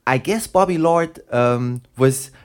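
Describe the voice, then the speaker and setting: A man's voice: mid-range voice, slow. A man hosting a radio show, chatting casually and enthusiastically about old records with many fillers.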